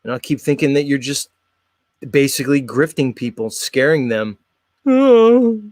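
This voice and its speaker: A man's voice: medium pitch, normal speed, no echo, studio quality. A man hosting a show in a casual, mocking, blunt comedic rant. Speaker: host.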